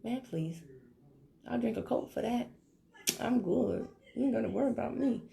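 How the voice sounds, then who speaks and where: Southern lady ranting on a live stream, gravelly voice, kinda high, joking and blunt. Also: moderate pace, mellow, slight background noise. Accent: Southern American. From American South. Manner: sassy, joking, talks straight to viewers. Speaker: network marketing team leader. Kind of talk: casual live-stream talk. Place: home, live video.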